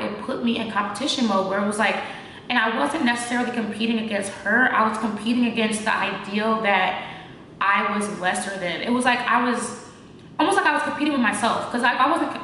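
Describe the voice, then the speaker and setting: A woman's voice: on the high side, a little fast, slight background noise. Shaky-voiced young woman in an echoey room. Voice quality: voice naturally shaky and cracking. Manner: slangy, animated, lots of fillers. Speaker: vlogger. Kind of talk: casual storytime chat.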